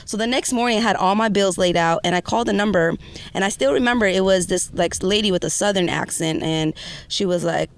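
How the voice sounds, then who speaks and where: A young woman from Orange County telling her story as an interview guest, animated and quoting others. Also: medium pitch, fairly quick, creaky. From Orange County, California.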